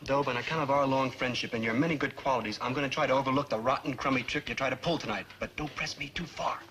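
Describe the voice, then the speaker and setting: An actor playing a goofy young beatnik sidekick who talks in hip slang and whines when pressed. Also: male voice, medium pitch, fast, close to an everyday voice. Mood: smitten. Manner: beatnik slang, whiny pleading, mumbly. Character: goofy teen male beatnik buddy, slangy, easily spooked. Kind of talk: 1960s sitcom acting. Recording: noisy old TV soundtrack.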